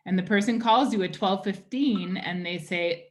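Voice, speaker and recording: A woman teacher giving a lecture in an online class. She talks at an everyday middle pitch and explains things patiently, one step at a time. She keeps checking in with her students by asking "right?" and "okay?". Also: moderate pace, hardly any pauses.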